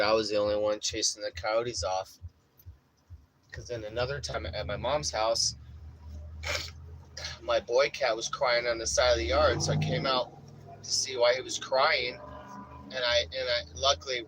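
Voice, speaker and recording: A man's voice: mid-range voice, sharp tone, a little hiss or hum, poor audio. Profane rambling man telling a story. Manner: profane, rambling, says bro a lot. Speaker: vlogger. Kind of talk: casual storytelling.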